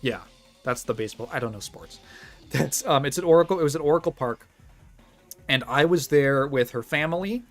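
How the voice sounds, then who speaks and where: A man's voice: medium pitch, animated, fairly quick, faint music behind. A man with a Midwestern accent chatting casually as a streamer, rambling, restarting sentences and laughing often. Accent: Midwestern American. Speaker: streamer reacting to a video. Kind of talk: casual chat.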